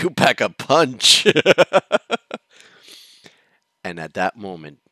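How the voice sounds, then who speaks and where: A man's voice: deep voice, sharp tone, no room sound. A man hosting a reaction show, telling a long personal story in a casual, rambling way, chuckling as he goes. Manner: rambling, chuckling, restarts sentences.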